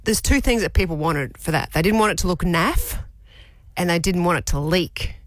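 A woman's voice: on the low side, normal speed, no room sound. A woman in her forties, co-hosting a radio show and telling a story in casual, chatty talk. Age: 40s. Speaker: radio co-host.

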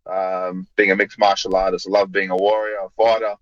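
Laid-back Australian fighter on lo-fi line. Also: male voice, low-pitched, flat delivery, brisk, no room sound. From South Australia. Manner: laid-back, repeats words, says "mate" often. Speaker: guest, mixed martial arts fighter. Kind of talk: casual interview over a line.

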